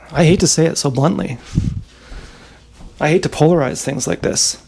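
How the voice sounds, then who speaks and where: Gravelly man rambling to himself. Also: fairly high pitch, normal speed, long pauses, a little mellow. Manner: musing, meandering, talks to his dogs. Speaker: vlogger. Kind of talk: rambling casual monologue. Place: home with dogs.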